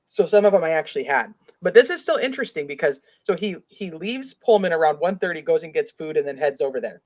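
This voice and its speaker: A woman's voice: deep voice, animated, quick pace, darkish tone. Woman, host, casual true-crime chat, rambling, says "like" a lot, reads comments aloud, muffled lo-fi sound. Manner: rambling, heavy use of "like". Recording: dull lo-fi audio.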